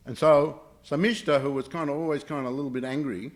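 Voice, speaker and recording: A man's voice: a little high, fairly even intonation, quick pace, few pauses. A man teaching a scripture class, telling stories with many hesitations and filler sounds. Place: temple class room.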